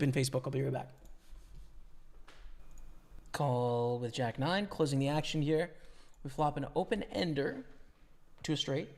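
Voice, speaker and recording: Male poker streamer, young, gravelly, slightly high voice, casual and chatty, voice getting worn. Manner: casual, chatty, thinks aloud about hands. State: losing his voice. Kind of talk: live-stream commentary.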